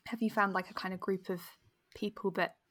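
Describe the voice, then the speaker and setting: A woman's voice: mid-range voice, steady tone, fairly quick, fairly bright tone. Hesitant, supportive woman interviewer. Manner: supportive, hesitant with many fillers. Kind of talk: casual chat.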